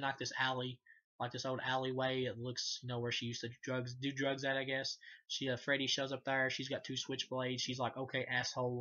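A man's voice: medium pitch, pushed and bright, muffled recording. Rambling, profane man recapping a movie. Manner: rambling, profane, frequent fillers and self-corrections. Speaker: movie reviewer. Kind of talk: casual unscripted movie recap.

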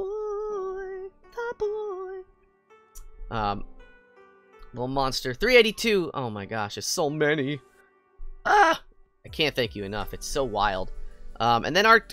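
A young American man chatting playfully while streaming a game, prone to excited squeals. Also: mid-range voice. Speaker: VTuber streamer. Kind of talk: casual gaming stream chat.

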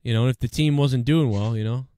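A man from the Boston area, USA, with a Boston accent, hosts a casual podcast chat, rambling and swearing freely in an excitable, profane way. His voice is medium in pitch and fast, and the recording is dry.

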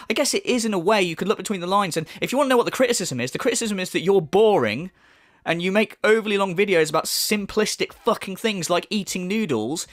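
A man's voice: high voice, a bit bright, no room sound, clean studio sound. A man giving angry reaction commentary, ranting with sarcasm and heavy swearing. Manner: heated, profane, sarcastic ranting. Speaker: YouTube commentator.

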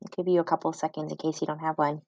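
A woman reading teacher giving a phonics lesson to children, sounding words out slowly syllable by syllable and praising each try. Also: low voice, flat delivery, a little mellow, no echo, muffled recording.

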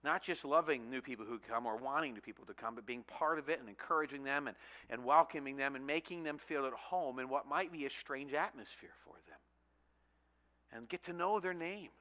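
A pastor in his forties preaching a sermon, telling self-mocking stories with animated humor. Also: medium pitch, a little fast.

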